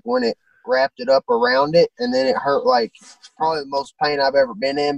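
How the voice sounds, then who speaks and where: A young man in his twenties with a very gravelly, high voice that swings up and down a lot. He talks bluntly and crudely in a relaxed interview chat. He sits well back from the microphone in a dry room. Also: no echo, recorded from a distance, low-quality recording. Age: 20s. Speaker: guest fighter.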